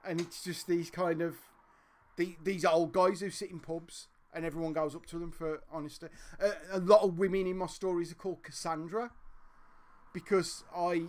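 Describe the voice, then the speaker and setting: A man's voice: fairly high pitch, flat delivery, moderate pace, a little mellow. A man with a Black Country accent hosting a storytelling podcast, chatty and sweary, laughing often. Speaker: host and storyteller. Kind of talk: casual podcast chat.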